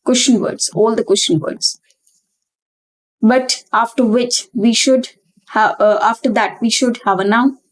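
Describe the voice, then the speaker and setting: Young woman teacher going over grammar, highish voice, says the key words again and again. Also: measured pace, poor audio. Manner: explains step by step, repeats key terms. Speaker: English teacher. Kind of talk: exam-prep grammar lesson.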